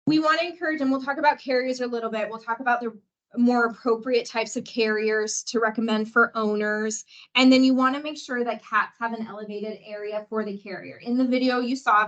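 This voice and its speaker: A woman's voice: a little high, fairly bright tone, dull audio. A young woman giving a casual, encouraging training talk to veterinary hospital staff, full of fillers.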